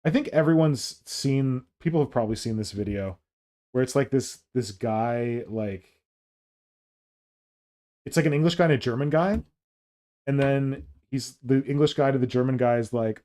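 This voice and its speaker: A man's voice: mid-range voice, normal speed. Jokey man hosting a hobby stream. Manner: jokey, animated, silly put-on voices. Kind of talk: casual chat.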